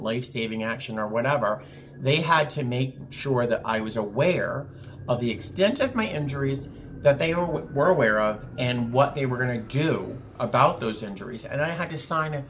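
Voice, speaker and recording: A man's voice: medium pitch, expressive, normal speed, a little hiss or hum. A young man telling a personal story to his camera in a rambling, casual way, full of fillers and restarts. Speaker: vlogger. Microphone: camera viewfinder, talking to camera.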